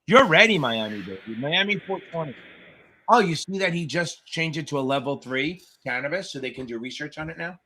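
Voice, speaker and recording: Blunt, profane tutor hosting a live Q&A. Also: male voice, a little high, animated, brisk, sharp tone, a little hiss or hum. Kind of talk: livestream Q&A chat.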